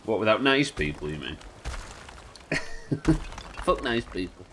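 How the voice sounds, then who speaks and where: While streaming a game, a man with a Yorkshire accent chats casually and swears freely. His voice is lowish and sing-song, a little fast and fairly bright, with a little hiss or hum.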